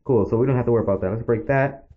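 A man's voice: mid-range voice, rapid-fire. A man chatting his way through a game, rambling and addressing his viewers as he goes. The sound is dull and lo-fi, with faint noise underneath. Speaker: gaming channel host. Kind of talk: casual game commentary.

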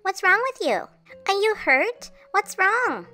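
A woman playing a kind girl doll in a doll play story, soothing and reassuring. The voice is very high and bright, with soft music underneath. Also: very animated, slow, heavily acted.

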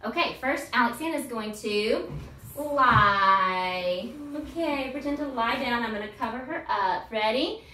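A woman's voice: on the high side, animated, unhurried, bright, forceful tone, slight background noise. A woman in her thirties teaching a grammar lesson, chanting verb forms in a cheerful sing-song while she coaches a child. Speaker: homeschool teacher and channel host. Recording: roomy echo, voice from far off.

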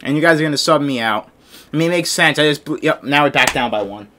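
A young man commentating his own basketball gameplay, ranting and yelling at his teammates and the game, overheated and sweating in a hot room. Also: fairly high pitch, fast talker, a little hiss or hum. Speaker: gaming video creator.

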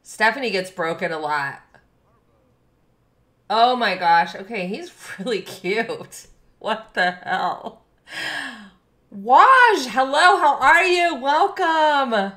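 A woman's voice: on the high side, big pitch swings, takes it slowly, pushed and bright. Bubbly woman streamer in echoey room. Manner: bubbly, reads and thanks chat, laughs often. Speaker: game streamer. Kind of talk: live game stream chat. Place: home room.

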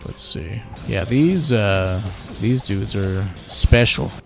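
Low voiced guy rambling over his game, laid back and chatty. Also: slow pace, creaky. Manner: relaxed, chatty, thinking aloud. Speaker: gaming channel host. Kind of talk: casual gameplay commentary.

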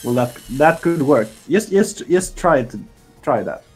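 A man's voice: on the high side, animated, measured pace, darkish tone, faint music behind, poor audio. A man chatting casually on a game dev stream, joking and laughing often, with many fillers. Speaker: streamer and indie game developer.

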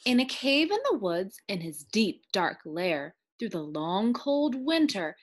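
A woman reading a children's picture book aloud in a sing-song, expressive way, slowing down for the refrains. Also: mid-range voice. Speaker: storyteller.

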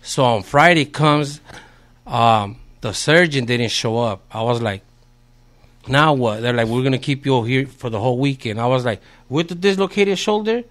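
A man's voice: medium pitch, normal speed, fairly bright tone. A man, a podcast guest telling a story in a laid-back, slangy way with heavy swearing. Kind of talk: casual storytelling.

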